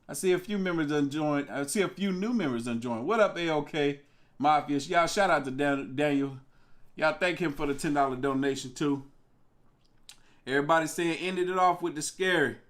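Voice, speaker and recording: A young man hosting a live reaction stream, talking in a relaxed, slangy way to his viewers. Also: a little high. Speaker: livestream reaction host. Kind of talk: casual live-stream chat.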